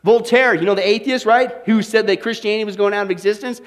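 High-voiced man preaching with fervor. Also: fairly even intonation, fast. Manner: emphatic preaching, swinging between loud and hushed; folksy, asks the audience "right?". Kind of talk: sermon.

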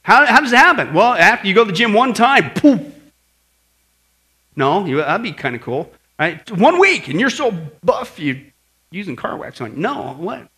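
A middle-aged pastor preaches with a high, bright voice. His pitch swings widely as he acts out shouts and tells stories, checking in with the listeners by asking "right?" again and again. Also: normal speed. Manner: animated storytelling with acted shouts and asides; keeps asking the audience "right?". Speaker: pastor teaching apologetics. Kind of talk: sermon.

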